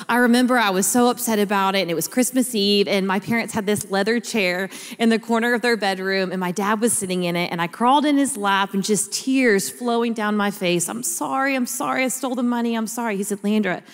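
A woman, preaching a sermon and telling stories in a chatty way. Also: fairly high pitch. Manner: chatty storyteller, addresses the congregation as y'all. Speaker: pastor. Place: large church auditorium. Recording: long church hall reverb.

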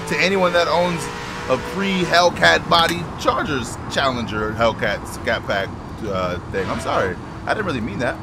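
A young man with a New York accent, casually commentating a racing game with loud, swearing outbursts and quick apologies. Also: a little high, animated, creaky. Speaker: gaming YouTuber. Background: music and car engine sounds.

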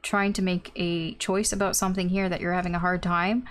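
A woman's voice: on the low side, little pitch movement, fairly quick. A woman giving a casual tarot reading, thinking aloud with lots of ums and maybes, blunt and informal. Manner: blunt and informal, with mild swearing. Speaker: tarot reader.

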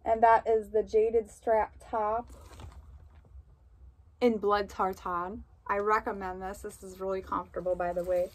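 Slow, chatty woman vlogger. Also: mid-range voice, rough recording. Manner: chatty, rambling, jokey and self-deprecating. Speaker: fashion vlogger. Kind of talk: casual try-on review.

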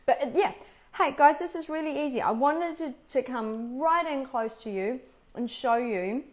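A woman's voice: high voice, normal speed. A woman hosting a live cooking demonstration, explaining recipe steps. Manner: chatty, explains steps as she goes. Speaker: cooking show host.

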